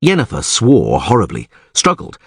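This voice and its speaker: Expressive husky male audiobook narrator. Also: moderate pace, no echo, clean studio sound. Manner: dramatic, highly expressive reading.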